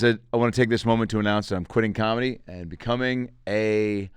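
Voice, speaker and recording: A man's voice: fairly low pitch, animated, fast, few pauses, clean tone, no echo. A man hosting a podcast, riffing in a rambling, self-interrupting comic monologue. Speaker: podcast host and comedian. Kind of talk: casual comedic monologue.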